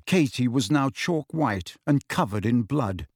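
A man reading an audiobook aloud in an expressive storytelling manner. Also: mid-range voice, measured pace, breathy edge, dry recording, studio quality. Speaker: audiobook narrator. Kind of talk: scripted audiobook narration.

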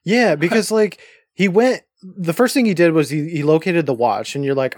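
A man's voice: a little high, moderate pace, darkish tone, dry recording, clean studio sound. A man co-hosting a podcast, adding wry quips in a casual movie recap chat. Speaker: podcast co-host.

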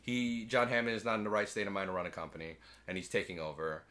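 A man casually recapping a movie with a co-host, animated, jumping into squeaky character voices and swearing freely. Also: quick pace. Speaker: podcast co-host.

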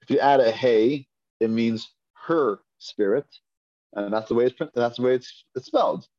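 A man at a middle pitch leads a Hebrew reading class. He patiently drills sounds over and over. The recording is dull and lo-fi. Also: moderate pace, dark tone. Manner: patient, repeats and drills pronunciations. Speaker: Hebrew teacher.

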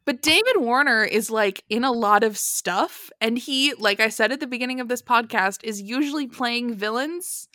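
A woman co-hosting a casual film-review podcast, animated, swearing freely and laughing often. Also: on the high side, normal speed, few pauses, dry recording, studio quality. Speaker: podcast co-host.

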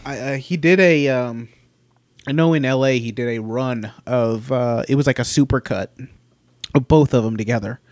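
A man's voice: mid-range voice, moderate pace, darkish tone, no echo, clean studio sound. A man chatting casually about films with a friend, swearing freely and often trailing off to restart his sentences. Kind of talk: casual chat.

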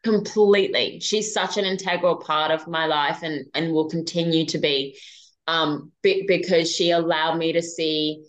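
Woman, podcast guest, casual storytelling, animated, low-pitched. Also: measured pace, rough recording. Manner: animated, chatty, with casual swearing and fillers.

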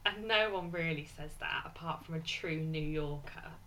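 A woman's voice: low-pitched, normal speed, a bit bright, slight background noise, rough recording. A woman co-hosting a casual film podcast, teasing her partner and laughing often. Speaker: podcast co-host.

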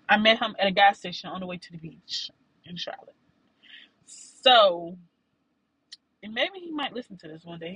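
Frank rambling young woman, husky. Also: medium pitch, a bit bright, no room sound, poor audio. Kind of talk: candid casual storytelling.

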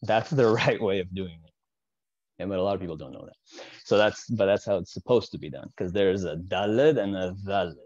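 A man's voice: sits low, a little fast, a little mellow, dry recording, highs cut off. A man from the Soviet Union teaching in a casual lecture, explaining as he goes and checking in with the listener. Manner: explanatory, with frequent asides and "right?" check-ins.

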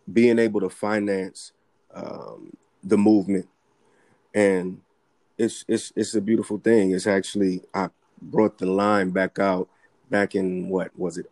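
A middle-aged man from the Bronx, talking casually on a podcast about his family clothing business and boxing, relaxed and halting with many fillers. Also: lowish voice. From the Bronx, New York. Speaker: guest, clothing entrepreneur and boxing coach.

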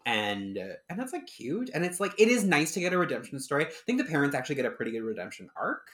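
A man co-hosting a film podcast, recapping and reviewing the movie in a relaxed, dry, casual way. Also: fairly high pitch, fast talker. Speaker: podcast co-host.

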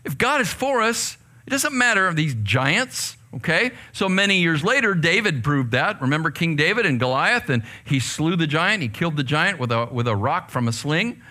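A man preaching a sermon to a youth group, leading call-and-response and swinging from hushed asides to fired-up outbursts. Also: on the high side, very animated, normal speed, hardly any pauses. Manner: leads call-and-response with the audience.

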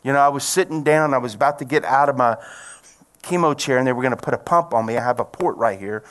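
A middle-aged man preaching a sermon, telling a personal story in a folksy way and building to loud, excited preaching. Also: medium pitch, fast. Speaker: pastor.

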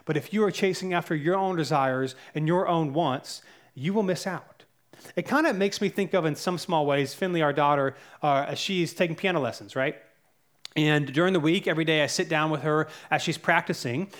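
A man's voice: on the high side, normal speed. A man in his thirties preaching a sermon as pastor, earnest and conversational, with fillers and self-corrections.

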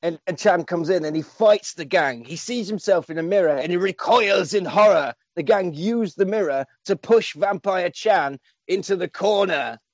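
A man's voice: sits high, moderate pace, hardly any pauses, no echo. A man casually recounting a film's plot, acting out lines and swearing freely. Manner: animated storyteller, acting out quotes, swears freely. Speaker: podcast co-host recapping a film. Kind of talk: casual chat.

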